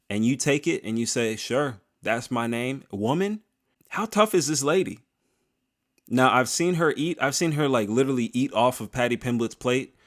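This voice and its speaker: Male MMA host, mid pitch, casual slangy rambling commentary, joking throughout.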